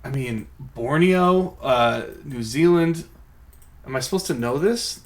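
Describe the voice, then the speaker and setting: Male game streamer, mid-pitched voice, rambling live commentary, self-mocking and thinking aloud. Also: lively intonation, slow pace.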